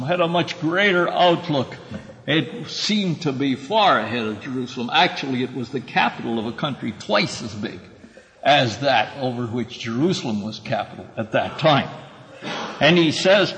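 A man's voice: a little high, a bit bright, in a large hall, poor audio. A man teaching a Bible class, explaining scripture verse by verse and calling on students by name. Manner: earnest, emphatic when quoting scripture.

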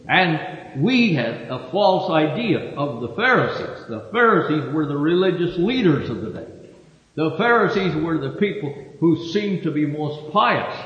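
A man preaching a sermon, reading Scripture with rising emphasis and teaching with frequent hesitations. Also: fairly high pitch. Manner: reads Scripture with rising emphasis, lectures with fillers. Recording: echoey hall, dull lo-fi sound.

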